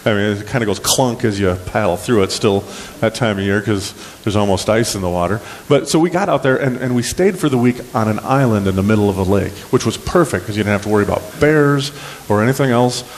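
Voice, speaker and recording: A man preaching a sermon in a relaxed, folksy, storytelling manner, with plenty of ums and restarts. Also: fairly low pitch, fairly quick, long reverb tail. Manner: folksy, conversational, many fillers and restarts. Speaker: pastor. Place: church sanctuary.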